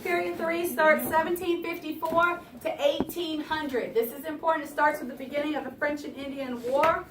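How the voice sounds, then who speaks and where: A woman teacher giving a classroom review lesson, lively and engaging her students with frequent questions and asides. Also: sits high, normal speed, few pauses. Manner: lively, talks to students, keeps asking "right?". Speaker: history teacher. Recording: echoey classroom, from far off, faint room noise.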